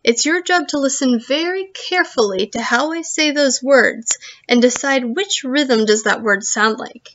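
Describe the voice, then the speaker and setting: A woman teaching a virtual music lesson to young children, giving slow, clear instructions. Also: high voice, fairly bright tone, lo-fi sound.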